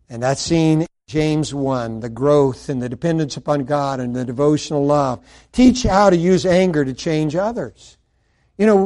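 A middle-aged man preaching a sermon, swinging between loud emphatic lines and hushed asides. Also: fairly high pitch.

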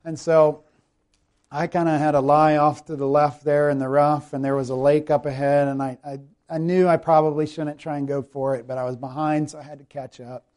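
A man from South Carolina with a Southern accent, preaching a sermon that swings from emphatic scripture passages to relaxed personal storytelling. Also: a little high. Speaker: pastor.

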